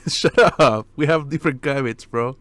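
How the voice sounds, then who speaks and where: Man, podcast co-host, casual chat, smooth resonant voice, dry close mic. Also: mid-range voice, unhurried, fairly bright tone, no echo. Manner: laughing often, swearing, loose non-native phrasing.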